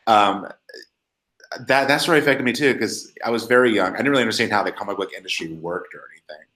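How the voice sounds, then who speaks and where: A man co-hosting a podcast, telling stories in an animated way with many restarts. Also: on the low side, quick pace. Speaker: podcast co-host. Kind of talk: casual chat. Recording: echoey room.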